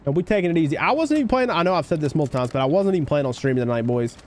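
A man live-streaming a game, chatting casually with his viewers and hyping up shout-outs to chat. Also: animated, very fast. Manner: hyped shout-outs to chat, voice jumping high on greetings; laid-back, easygoing talk between shout-outs.

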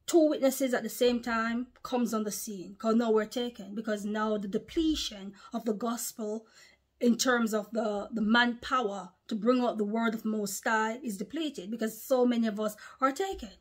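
A woman preaching a sermon to her video audience. She talks emphatically, repeats herself, and pauses to recollect. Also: a little high.

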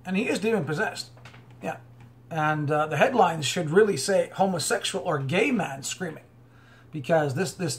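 High-voiced man ranting over news. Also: gravelly, a bit bright. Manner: rambling, many fillers and restarts, preachy. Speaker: online commentator. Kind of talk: unscripted commentary reading news aloud.

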